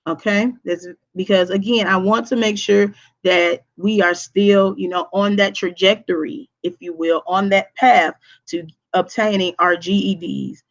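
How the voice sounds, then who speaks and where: A woman teacher giving a recorded online lesson. She has a projecting voice and speaks deliberately, checking in with "okay?" after each point. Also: mid-range voice, fairly even intonation, muffled recording. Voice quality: voice projects strongly.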